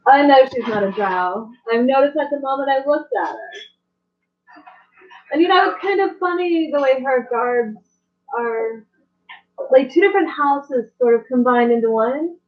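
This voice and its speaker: Curious female player, high voice, tinny phone-like sound. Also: moderate pace. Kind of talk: casual tabletop game play.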